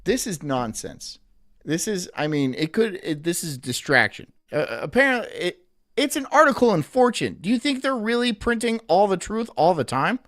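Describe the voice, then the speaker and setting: A man's voice: sits high, very animated, moderate pace, fairly bright tone. A man hosting a casual live stream, rambling and cracking crude jokes while reacting to a clip. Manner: rambling, crude joking, frequent laughter. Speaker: livestream host.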